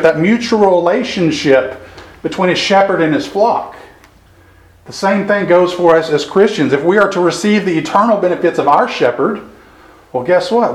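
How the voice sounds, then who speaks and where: Earnest preacher man in echoey room. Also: high-pitched. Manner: measured, earnest, reads scripture slowly with emphasis. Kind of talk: church sermon with scripture reading.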